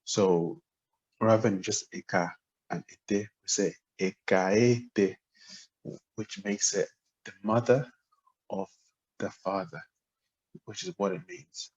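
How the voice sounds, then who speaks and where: Slow low-voiced man teaching a language. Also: a little mellow, breathy edge. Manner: hesitant, lots of ums, spells out syllables and tones. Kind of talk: relaxed explanatory lesson. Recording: dull lo-fi audio without a proper mic.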